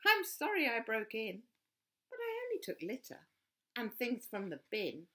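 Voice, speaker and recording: A woman's voice: on the high side, wildly swooping pitch, unhurried, pushed and bright, pitched above the performer's own voice, full character voice. A woman voicing a mischievous young female raccoon burglar in a storybook, eager and breathless. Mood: apologetic.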